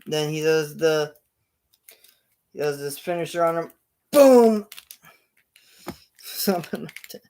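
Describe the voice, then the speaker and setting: A man hosting his own show, narrating imagined wrestling action in a casual play-by-play, punctuated with loud sound-effect bursts. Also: fairly high pitch, level tone, measured pace, vocal fry, long pauses, clean tone. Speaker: show host.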